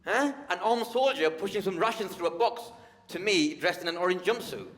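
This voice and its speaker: Male stand-up, animated and teasing, big hall reverb. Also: high-pitched, a little fast. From United Kingdom. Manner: conversational, teasing, addresses the audience. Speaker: stand-up comedian. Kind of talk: stand-up comedy set. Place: large theatre stage.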